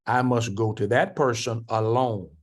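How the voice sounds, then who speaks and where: Older male preacher, teaching voice that jumps up in pitch for quoted speakers. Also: steady tone, unhurried. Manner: answers written questions from the class. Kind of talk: church coaching class.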